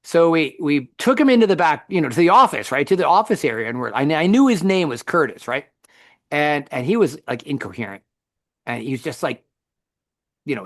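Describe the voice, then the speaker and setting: A middle-aged man co-hosting a faith podcast, telling a story in a lively conversational way with frequent restarts. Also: medium pitch, dry recording, studio quality. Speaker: podcast co-host.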